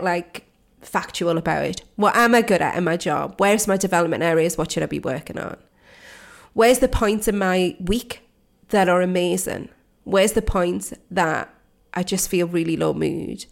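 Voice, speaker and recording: A woman's voice: medium pitch, vocal fry. A woman podcast host and coach, speaking in an earnest, encouraging way straight to the listener. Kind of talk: motivational podcast talk.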